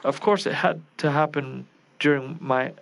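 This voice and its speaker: A man's voice: a little high, unhurried, vocal fry, a bit bright. A man voicing a flustered young male cook who frets and scolds himself.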